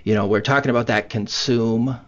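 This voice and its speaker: A man's voice: medium pitch, fairly even intonation, brisk, fairly bright tone. A man presenting a webinar in a conversational way, with lots of fillers. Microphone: computer mic on video call. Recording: muffled online meeting audio.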